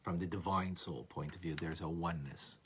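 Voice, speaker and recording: A man teaching a lively class on a religious text, asking "right?" often and acting out examples. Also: deep voice, a little fast, slight background noise. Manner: animated, playful, acts out examples, frequent "right?". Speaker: Torah teacher.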